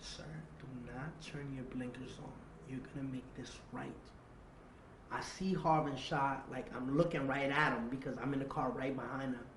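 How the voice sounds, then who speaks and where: A man, telling a tense personal story in an interview, acting out quotes and swearing freely. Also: mid-range voice. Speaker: interview guest. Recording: echoey room with faint ambient noise.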